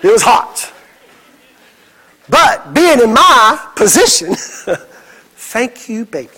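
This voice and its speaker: A middle-aged man preaching a sermon, telling stories with lively acted quotes. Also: very high-pitched, slow, husky, rough recording. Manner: animated storytelling with acted quotes. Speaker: pastor.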